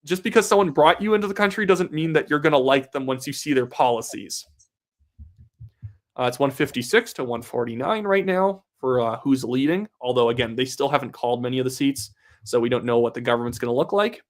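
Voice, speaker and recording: A man's voice: mid-range voice, brisk. A young man in the middle of his range, talking loosely through live election-night commentary. He reads viewers' messages aloud and answers them off the cuff. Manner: casual, reads viewer donations aloud and reacts. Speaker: livestream host.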